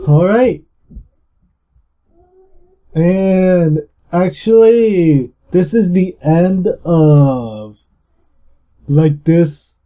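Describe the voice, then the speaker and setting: A young man giving casual, rambling gameplay commentary, swearing freely and talking louder and more energetic than usual. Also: high voice, dull audio. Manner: rambling and heavily profane. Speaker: gaming YouTuber.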